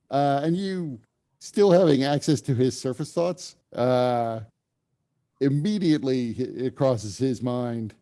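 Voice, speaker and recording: A man's voice: mid-range voice, warm tone. A man narrating as game master in a casual, descriptive way, with frequent fillers.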